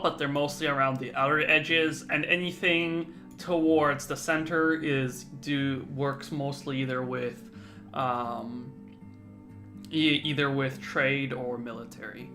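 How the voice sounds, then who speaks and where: A young man narrating as game master, halting often with fillers and restarts. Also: on the high side, sharp tone, faint music behind. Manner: hesitant, many fillers and restarts.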